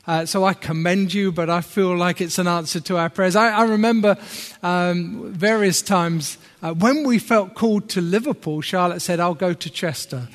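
A man's voice: high-pitched, normal speed. A middle-aged man with a northern English accent preaching a sermon, chatty and self-deprecating, with asides to the congregation. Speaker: visiting preacher. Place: church hall. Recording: long hall reverb.

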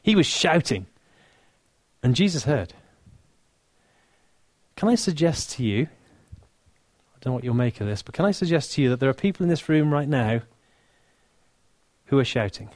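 A man with an English accent preaching a sermon, earnest and warm, dropping to soft, hushed lines for emphasis, with touches of dry humor. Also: mid-range voice, sing-song, moderate pace, long pauses, no echo. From England. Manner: earnest, softening to near-whisper on key lines, dry humor.

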